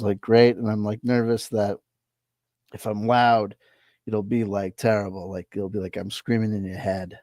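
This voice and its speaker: A man's voice: lowish voice, level tone, moderate pace, darkish tone, dry recording. A man giving blunt, rambling commentary on a video he reacts to, with many restarts. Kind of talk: casual opinionated commentary.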